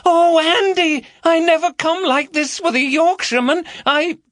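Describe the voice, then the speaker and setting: A man plays a rowdy, teasing London lad whose voice jumps high and bright as he trades laddish jokes. His pitch swings all over the place with cocky energy. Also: sing-song, takes it slowly, no room sound, studio quality, heavily acted. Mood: mocking falsetto. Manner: boisterous, teasing banter. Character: cheeky loud male London mate, laddish.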